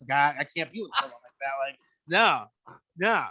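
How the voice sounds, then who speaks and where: Animated man telling stories, bright dry voice. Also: a little high, fairly quick, husky, no room sound. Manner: animated storyteller, acts out quoted voices, swears freely. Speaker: podcast guest. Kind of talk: casual storytelling chat.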